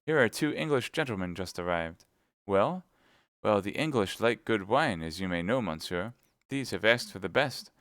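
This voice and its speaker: Brief: man reading a fretful innkeeper, pleading and aggrieved, clear voice, dry close sound. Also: on the low side, expressive, moderate pace, fairly bright tone, dry recording. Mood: anxious. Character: distraught middle-aged male innkeeper, complaining.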